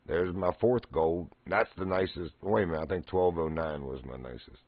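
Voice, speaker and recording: A man's voice: low-pitched, moderate pace, no echo. A middle-aged man streaming a fishing game, telling stories in easy casual chat and laughing often. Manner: laughs often, easygoing storytelling. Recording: muffled lo-fi stream audio.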